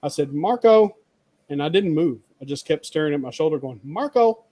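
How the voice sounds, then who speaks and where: A man's voice: on the high side, steady tone, fast, darkish tone, dry recording. A man co-hosting a casual chat, telling stories in a rambling way full of fillers. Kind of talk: casual storytelling.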